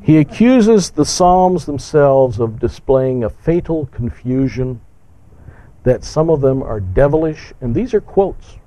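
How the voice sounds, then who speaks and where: A man's voice: medium pitch, lively intonation, unhurried, dark tone, rough recording. A man preaching a sermon emphatically, with rhetorical questions and firm repetition.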